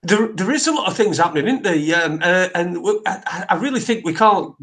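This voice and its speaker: A man with a fairly high voice co-hosts a loose chat show from his living room. He rambles, swears often and laughs along as he talks. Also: lively intonation, a little fast, a bit bright. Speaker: podcast co-host. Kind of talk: casual chat.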